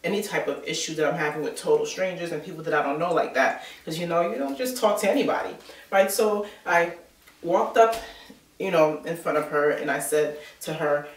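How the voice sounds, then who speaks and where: A woman's voice: low voice, a little fast. New lady vlogging, casual rambly chat, kinda far from the mic. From New York. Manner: chatty storyteller, many filler words. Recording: roomy sound from a distant mic.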